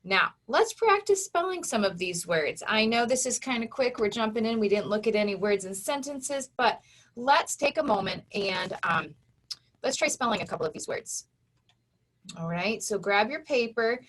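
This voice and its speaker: A woman's voice: fairly high pitch, lively intonation, moderate pace, a bit bright. A woman phonics teacher giving a patient online lesson to young children, sounding out syllables and letters step by step. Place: home.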